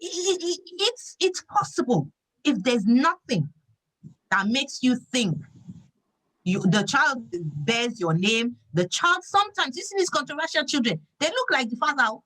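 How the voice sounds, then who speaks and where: Woman, panelist, high voice with lively pitch, halting delivery. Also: poor audio. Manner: halting, searching for words. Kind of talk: casual panel chat.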